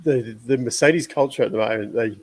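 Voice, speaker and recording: A man's voice: mid-range voice, brisk, a little mellow. A man co-hosting a casual motorsport podcast, chiming in with short, wry asides. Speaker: podcast co-host. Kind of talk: casual chat.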